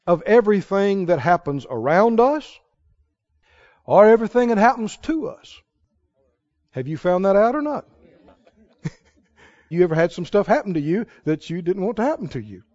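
Brief: male preacher, strikingly high voice, emphatic and repetitive sermon delivery, dull lo-fi recording. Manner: emphatic, repetitive, rising to exclamations.

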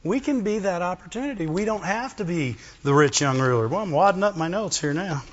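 A man preaching a sermon, animated, often asking the congregation for a response. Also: high-pitched, a little fast. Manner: animated, asks the congregation questions. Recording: dull lo-fi recording.

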